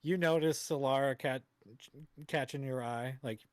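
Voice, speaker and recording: A man's voice: mid-range voice, normal speed, heavy background noise. A man running a tabletop game on a live stream, narrating in a casual way. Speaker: game master.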